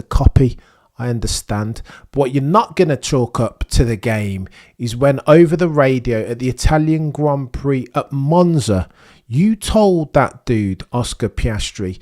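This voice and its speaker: A man's voice: medium pitch, darkish tone. A middle-aged man hosting a motorsport news show, giving theatrical, indignant commentary and talking straight at the people he criticizes. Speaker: F1 news host. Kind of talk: opinionated commentary on a clip.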